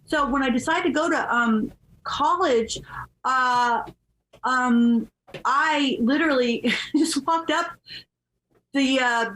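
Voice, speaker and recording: A woman in her fifties from California, a podcast guest telling her story candidly in an animated, chatty way and laughing as she goes. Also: high voice, slow pace, long pauses, rough recording. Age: 50s.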